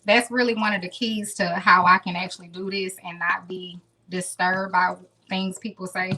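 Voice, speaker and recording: A woman's voice: fairly low pitch, flat delivery, normal speed, hardly any pauses, pushed and bright, a little hiss or hum. A woman in her thirties hosting a casual live cooking stream from her home kitchen, chatting straight to her viewers. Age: 30s. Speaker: home cooking show host.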